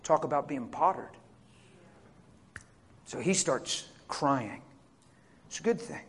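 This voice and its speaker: A man preaching a storytelling sermon, swinging from loud excited bursts to hushed tones and laughing as he talks. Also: fairly high pitch, slow pace, husky.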